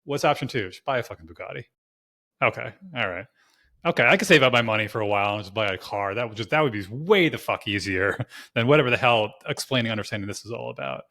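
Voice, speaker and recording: A man hosting a podcast, chatting casually and animatedly, swearing loosely and peppering his talk with "like". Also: medium pitch. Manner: rapid, animated, swears casually, lots of filler "like". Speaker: podcast host. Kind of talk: casual conversational podcast chat.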